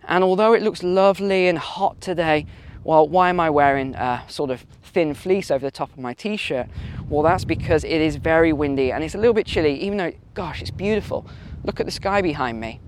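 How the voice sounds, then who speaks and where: A man telling stories in a chatty, animated way while vlogging outdoors on a windy walk. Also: on the high side, brisk. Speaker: finance vlogger. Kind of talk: casual walk-and-talk vlog.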